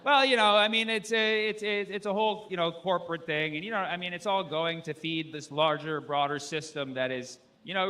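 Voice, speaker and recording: A man with a high voice works a club stage in a loose, rambling stand-up set, now and then bursting into shouted impressions. The live recording carries a heavy layer of room noise and audience laughter under his handheld mic. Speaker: stand-up comedian.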